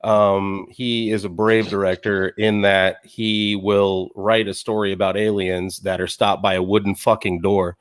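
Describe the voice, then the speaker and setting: A man, co-hosting a podcast with sarcastic, deadpan jokes. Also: lowish voice, unhurried, few pauses, smooth, no room sound. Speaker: podcast co-host. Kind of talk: casual chat.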